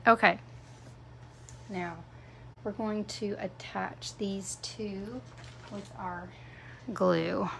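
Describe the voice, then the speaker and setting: Gravelly, slow-talking craft demonstrator woman. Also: mid-range voice, fairly even intonation, slight background noise. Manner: chatty, answers viewer comments by name; self-deprecating, playful asides. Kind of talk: live-streamed craft tutorial.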